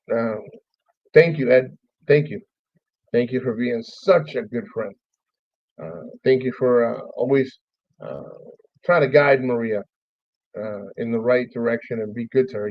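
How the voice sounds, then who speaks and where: A man's voice: mid-range voice, measured pace, pauses often, no room sound. Heartfelt rambling man, dull dry mic. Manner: rambling, heartfelt, swears casually. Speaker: streamer. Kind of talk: emotional memorial monologue.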